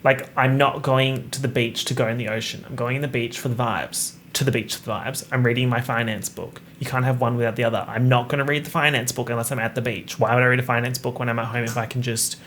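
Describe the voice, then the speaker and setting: A man's voice: medium pitch, fairly even intonation, quick pace, few pauses, a bit bright, slight background noise. A young man hosting a solo podcast, joking and swearing casually as he wanders off on tangents. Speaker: podcast host. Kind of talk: rambling solo podcast chat.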